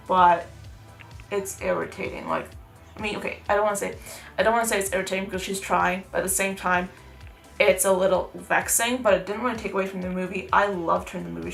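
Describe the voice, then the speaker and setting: A young woman talks her way through a makeup routine in a loose, rambling chat. Her voice has a gravelly, fry-heavy edge, and faint music plays underneath. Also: mid-range voice, a bit bright. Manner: chatty, rambling, heavy use of "like". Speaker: beauty vlogger. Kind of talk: casual makeup tutorial chat.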